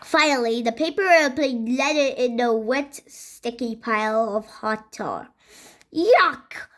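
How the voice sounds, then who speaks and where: A woman reading a children's book aloud, halting and restarting over slips. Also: a little high, steady tone. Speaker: reader.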